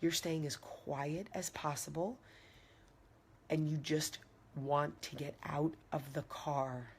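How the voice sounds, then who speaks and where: A woman's voice: low voice, fairly even intonation, takes it slowly, a little hiss or hum. A woman vlogger in her thirties telling a personal story to her viewers, acting out what each person said. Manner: dramatic retelling with acted-out quotes, direct address to viewers. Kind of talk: animated storytelling to camera.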